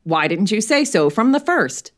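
Reader plays a steady, probing inspector; even and precise. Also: female voice, medium pitch, normal speed, voice pushed up, natural voice. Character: calm probing male police inspector.

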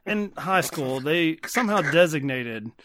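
Male host, bright and animated, profane riffing banter. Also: fairly high pitch, unhurried. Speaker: podcast host. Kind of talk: casual chat.

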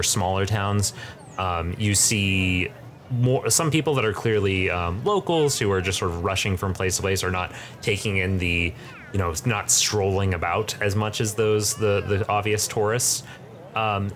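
A man narrating as game master of a tabletop game, describing the scene in a halting way with many restarts. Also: lowish voice, a bit bright, slight background noise. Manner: halting, full of fillers and restarts.

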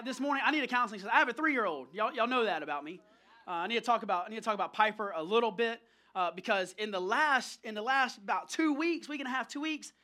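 A man with a strikingly high pitch and a bright, pointed tone, preaching at a church service. He talks in a playful, joking way, spinning stories about family life for his congregation. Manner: playful, jokey storytelling to the congregation. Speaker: pastor. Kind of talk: sermon with personal stories.

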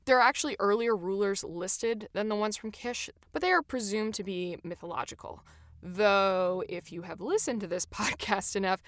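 A woman's voice: mid-range voice, normal speed, a bit bright, dry recording, clean studio sound. A young woman hosting a solo podcast, talking in a chatty, enthusiastic and self-deprecating way. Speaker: podcast host. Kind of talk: casual solo podcast monologue.

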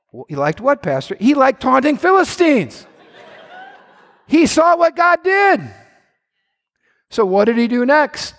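A male pastor preaching a sermon, swinging between low, quiet asides and loud, shouted lines. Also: creaky, big-room sound.

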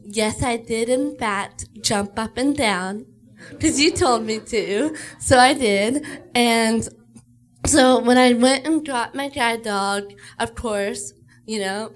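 A woman from Texas tells a playful story at an unhurried pace. Her voice is slightly high, and she takes her time. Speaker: guest storyteller. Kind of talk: casual storytelling.

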